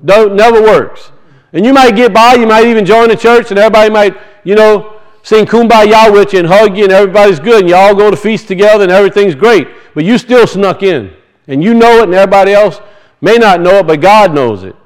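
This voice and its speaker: A man's voice: high voice, brisk, clean tone, low-quality recording. A man preaching a sermon, teaching from scripture and emphatically asking and answering his own questions.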